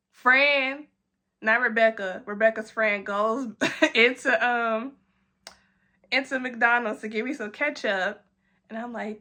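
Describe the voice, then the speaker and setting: A young woman, telling a storytime in a casual, animated way, jumping into high voices for quotes and laughing as she goes.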